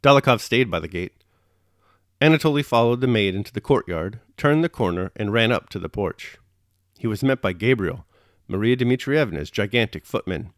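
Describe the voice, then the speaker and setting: A man reading a classic novel aloud chapter by chapter, steady and measured, then reflecting on it. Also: lowish voice, no echo, studio quality. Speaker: audiobook reader and host.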